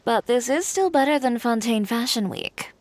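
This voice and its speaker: A woman's voice: fairly high pitch, animated, moderate pace, darkish tone, no room sound, natural voice. A woman voicing a cool, reserved young shop owner in a video game who speaks tersely. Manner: terse and guarded.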